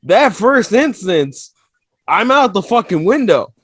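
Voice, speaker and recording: A man co-hosting a casual podcast, talking in a blunt, profane and animated storytelling way. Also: sits high, slow pace, slightly rough. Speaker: podcast co-host.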